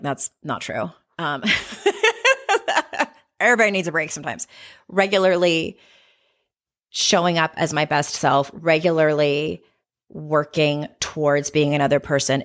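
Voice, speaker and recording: A woman in her forties hosting a solo podcast episode, candid and emphatic, now and then swearing for emphasis. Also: low voice. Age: 40s. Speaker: podcast host, coach.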